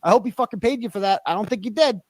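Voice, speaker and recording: A man's voice: rapid-fire, no echo. A man in a played clip, ranting angrily and profanely about money, fired up and worked up. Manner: fired-up, profane, swinging pitch. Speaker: commentator in a played livestream clip. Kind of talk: angry rant.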